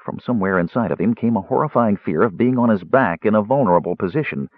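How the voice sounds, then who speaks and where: A man narrating a fantasy story in a lively, expressive reading style, on a tinny, dry recording. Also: on the low side, fast, dry recording. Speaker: audiobook narrator.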